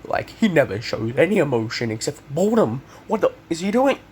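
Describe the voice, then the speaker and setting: A young man casually retelling an invented fan story, rambling with many fillers and self-corrections, coughing and clearing his throat now and then. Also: on the high side, wildly swooping pitch, normal speed.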